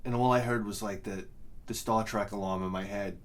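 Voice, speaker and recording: A man's voice: lowish voice, fairly even intonation, fairly quick. A middle-aged man vlogging casually, rambling and swinging into profane rants. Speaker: video game vlogger. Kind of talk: casual chat.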